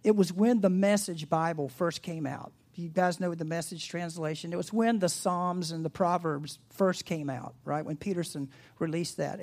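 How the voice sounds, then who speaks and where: Preaching in a mid-range voice, this pastor poses questions to his congregation with lively energy. When the sermon turns reflective, he quiets down to a gentle hush.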